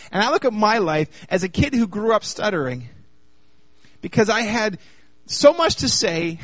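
Animated man preaching, high voice, dry close recording. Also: a little slow, dry recording. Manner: animated, asks the audience many rhetorical questions. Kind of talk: sermon.

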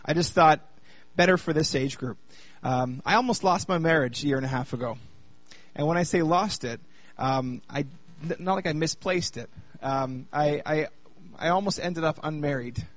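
A man from Canada in his thirties giving a personal testimony talk to a live group, joking with the crowd and then speaking more quietly about hard times. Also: a little high, normal speed. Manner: lively and chatty with the audience, turning quieter while telling a hard personal story. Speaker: speaker at a youth gathering.

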